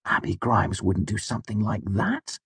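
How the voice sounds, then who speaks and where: A man reading the lines of a dry, deadpan young helper, a little higher than his own voice. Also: normal speed, creaky, slightly rough, dry recording, full character voice. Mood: shocked.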